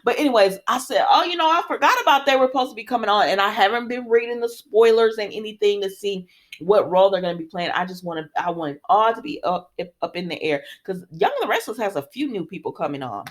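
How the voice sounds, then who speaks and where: A woman's voice: medium pitch, fast talker. A woman hosting a soap opera recap, chatting casually and animatedly straight to her viewers.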